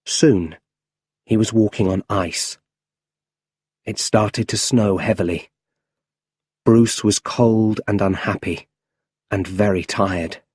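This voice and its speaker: A man narrating an easy-English audiobook, every word slow and carefully spoken. His voice is husky and sits close in a dry recording. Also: fairly low pitch, steady tone, a little mellow, no echo. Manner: slow, carefully enunciated reading. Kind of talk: scripted narration for English learners.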